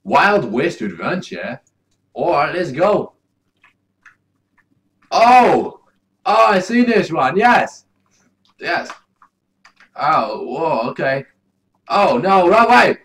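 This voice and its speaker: A man doing video game commentary, yelling and cursing at the game as he plays. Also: fairly high pitch, very animated, very slow, pauses often. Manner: yells and curses at the game. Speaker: gameplay commentator.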